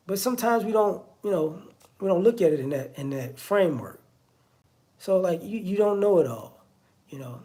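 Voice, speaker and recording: With a high-pitched, mellow voice, a man talks expressively at normal speed in a casual spoken monologue. He's an online commentator, chatty and repetitive, and he keeps saying "you know what I'm saying."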